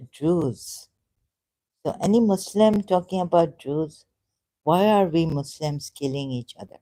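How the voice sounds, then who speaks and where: A woman's voice: on the low side, warm tone, poor audio. A woman on a live stream giving rambling, impassioned commentary, repeating herself and firing rhetorical questions at her viewers.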